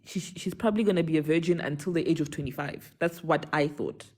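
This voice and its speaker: A young South African woman telling a personal story on a live call, animated, code-switching between English and a local language. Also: sits low, quick pace. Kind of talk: casual storytelling on a live stream.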